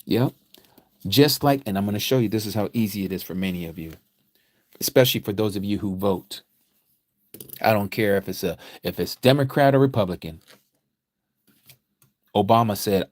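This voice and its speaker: A man's voice: on the low side, normal speed, pauses often, no room sound. Emphatic male preacher, dry close sound. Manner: emphatic preaching, repeats phrases, swings from quiet to loud. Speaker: Bible study teacher. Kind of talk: livestreamed scripture lecture.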